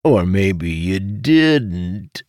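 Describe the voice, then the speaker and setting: A man voicing a gossipy, teasing male necromancer in an audiobook, pitched up from his deep voice and slowed. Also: lively intonation, dry recording, studio quality, heavily acted. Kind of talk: audiobook character voice.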